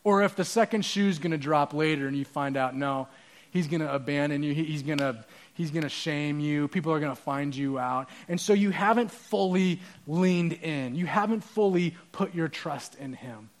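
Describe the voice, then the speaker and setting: A pastor with a fairly high voice gives a conversational sermon. He talks to the congregation with props and quick asides.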